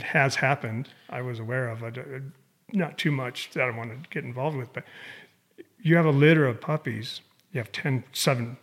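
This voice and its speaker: A man who trains dogs as an amateur, a guest in a casual interview, telling stories in an animated way. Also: medium pitch, slightly rough.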